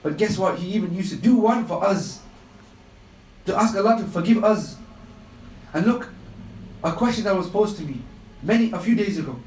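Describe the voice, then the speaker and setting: Male religious speaker with a high voice, impassioned and repetitive, live radio talk in a roomy space. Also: expressive, moderate pace, long pauses, a little mellow, far from the mic, slight background noise. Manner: impassioned storytelling with emphatic repetition. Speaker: Islamic speaker on a radio show.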